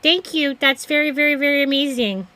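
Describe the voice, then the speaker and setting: A woman's voice: sits high, fairly quick, pushed and bright, soft background music. A woman game streamer in casual live-stream chat, giggling often and stammering when flustered.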